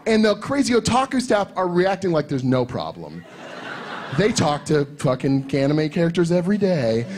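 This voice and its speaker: A man telling a convention anecdote on a panel, excitable and swearing often, acting out voices as he goes. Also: on the high side, moderate pace, slight background noise. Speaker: comics writer panelist. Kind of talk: animated storytelling on a convention panel.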